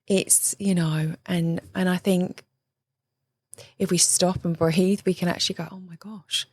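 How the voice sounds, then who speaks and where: A woman's voice: lowish voice, fairly even intonation, a little slow, darkish tone, no room sound. A British woman, a relationship coach, talking earnestly and reflectively as a podcast guest, often seeking agreement with "isn't it" and "right?". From United Kingdom. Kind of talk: conversational interview.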